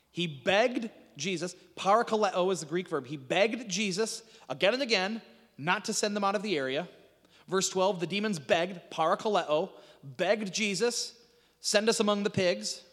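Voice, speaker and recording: Animated preacher man, high lively voice. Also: measured pace, big-room sound. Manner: conversational preaching with frequent restarts and rhetorical questions. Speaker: pastor. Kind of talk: sermon.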